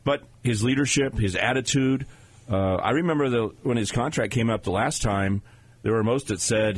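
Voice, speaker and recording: A man co-hosting a sports radio show, breaking down games in a steady, analytical way. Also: medium pitch, moderate pace, slightly rough, dry recording, poor audio. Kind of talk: casual sports talk.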